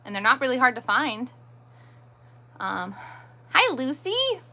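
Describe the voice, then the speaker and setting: Bright-voiced chatty woman streaming live. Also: high voice, sing-song, a little slow. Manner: chatty, answers viewer comments as they come; self-deprecating. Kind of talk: casual live-stream chat.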